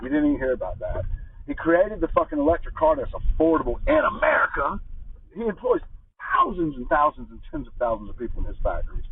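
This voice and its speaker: A man rants angrily with lots of swearing and emphasis. His husky voice swings widely in pitch. The sound is thin and phone-like, and he sits away from the mic in a dry space. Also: no echo. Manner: angry, profane, emphatic. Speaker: political commentator. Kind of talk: ranting monologue. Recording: muffled phone-like audio from far from the mic.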